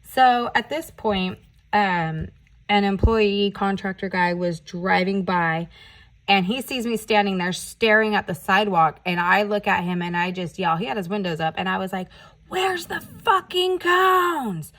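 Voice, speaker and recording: A woman in a casual nail-art vlog, telling a story time as she works. She rants with plenty of energy, piles on emphasis and drops frequent curse words, all at an ordinary conversational pitch. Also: moderate pace. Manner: animated ranting storytelling with frequent swearing. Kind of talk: casual story time while doing nails.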